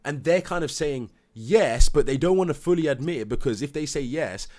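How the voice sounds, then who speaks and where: Brief: father, heated and animated, mimics others, swears freely. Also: a little high, brisk. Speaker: parent telling his story. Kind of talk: heated live debate.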